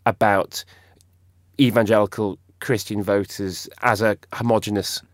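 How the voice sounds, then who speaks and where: A man's voice: on the low side, fairly even intonation, unhurried, no room sound. A man presenting topics on a studio radio show in a conversational, wry way. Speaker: radio host. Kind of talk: casual studio discussion. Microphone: studio microphone.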